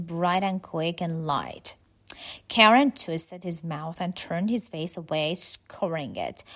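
A woman narrating a storybook in a slow, deliberate, softly dramatic way. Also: lowish voice.

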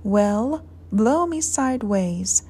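A woman's voice: on the high side, animated, slow, darkish tone, slightly rough, exaggerated voice. A woman doing a folksy hungry tinker. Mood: startled. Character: hungry rustic male tinker.

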